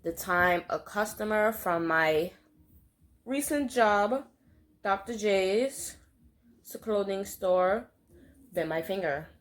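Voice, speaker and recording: A young adult woman telling a storytime vlog in a blunt, fiery, profane way, rambling with lots of fillers. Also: medium pitch. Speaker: storytime vlogger. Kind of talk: casual storytime monologue.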